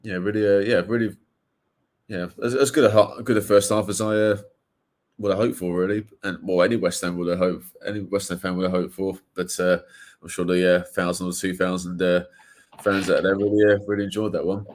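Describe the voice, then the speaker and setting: Fan co-host, man, low pitch, hesitant chatty delivery. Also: flat delivery, a little fast, a little mellow. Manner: hesitant, many fillers and restarts. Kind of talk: casual chat.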